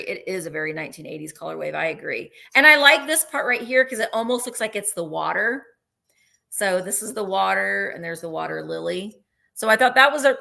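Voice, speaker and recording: Hosting a live online vintage sale, a woman rambles chattily about each item and counts down the bids. Her mid-range voice is gravelly, pushed and bright.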